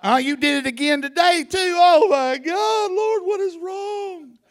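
A man voicing a weeping, panicked Israelite man who wails and sobs loudly over his sins. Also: very high voice, unhurried, voice pushed up. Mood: wailing despair. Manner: wailing, sobbing, loud.

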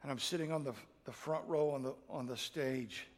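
A middle-aged man preaching a sermon, telling a personal story in an emotional way that builds to loud, impassioned peaks. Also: mid-range voice, moderate pace, big-room sound. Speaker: pastor.

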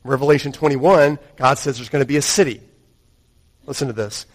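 A male pastor preaching a Sunday sermon, rising to stress points and dropping to a hushed tone. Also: medium pitch, fairly quick. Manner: dynamic, swings from raised emphasis to hushed intimacy. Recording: long hall reverb.

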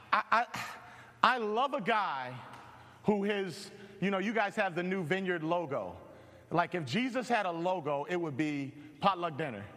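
A male pastor preaching a sermon with animated, joking storytelling. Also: sits high, in a large hall.

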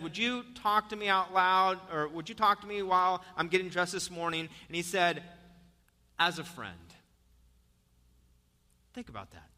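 High, bright pastor in a reverberant hall. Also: male voice. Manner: animated storytelling, dropping to soft urging. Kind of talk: sermon. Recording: long reverb of a church hall.

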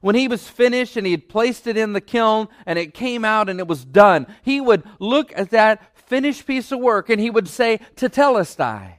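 A man's voice: high voice, animated, moderate pace, hardly any pauses, no echo, clean studio sound. A man preaching a sermon from a church stage, emphatic and repeating key phrases for weight.

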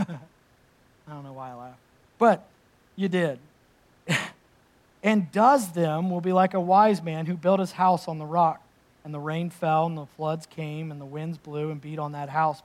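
This preacher has a slightly high male voice and shifts from scripture reading to emphatic, conversational explanation. Along the way he drops casual asides into his sermon.

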